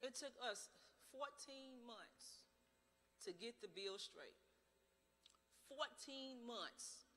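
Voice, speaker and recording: A woman's voice: fairly high pitch, lively intonation, extremely slow, long pauses, a bit bright. A middle-aged woman giving an impassioned campaign speech, telling stories and firing off rhetorical questions. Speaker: political candidate. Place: large church sanctuary. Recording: long church hall reverb.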